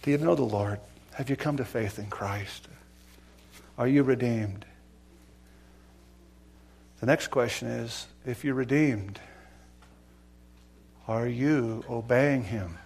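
A man preaching a sermon as pastor, emphatic and earnest, swinging between loud declarations and hushed pleading questions. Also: medium pitch, slow, vocal fry, long pauses, breathy edge.

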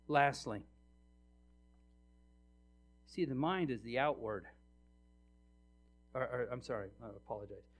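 A middle-aged man preaching a sermon, telling personal stories and addressing the congregation directly, swinging from hushed to loud and emphatic. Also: mid-range voice, lively intonation, a little slow, long pauses, faint music behind. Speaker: pastor.

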